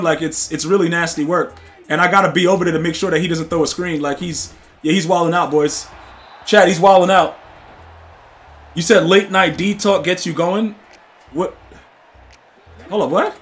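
A man streaming a football video game, talking to his chat in excitable, trash-talking commentary that keeps breaking into loud shouts. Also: sits high. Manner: excitable, trash-talking, repeats "dude" and "bro". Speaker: gaming streamer. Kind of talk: live gameplay commentary to chat.

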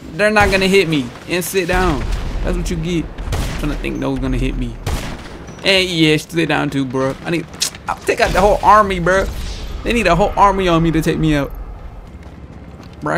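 A man's voice: fairly high pitch, normal speed, gravelly, pauses often. A young man commentating his own gameplay and taunting opponents with the same lines again and again. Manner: trash-talking, repetitive taunts to opponents. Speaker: gaming YouTuber. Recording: noisy with gunfire in the background. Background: game gunfire and explosions.

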